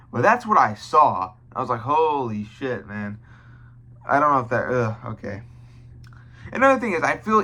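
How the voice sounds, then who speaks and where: A man's voice: mid-range voice, pushed and bright. Blunt, profane young man reviewing a film. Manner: blunt and profane, with frequent restarts. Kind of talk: casual video review.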